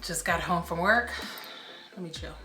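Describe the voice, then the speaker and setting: A woman's voice: on the low side, normal speed, bright, forceful tone, echoey room, faint music behind. A young woman chatting casually in a rambling, self-amused way as a beauty vlogger, a little out of breath. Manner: chatty, rambling, laughs at herself. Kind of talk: casual vlog chat.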